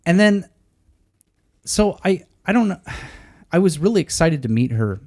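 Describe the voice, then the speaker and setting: A man's voice: sits high, a little slow. A man in his thirties, a podcast co-host, telling a story in a casual chat and acting out the dialogue. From United States. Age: 30s. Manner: animated, acts out the dialogue of people in his story.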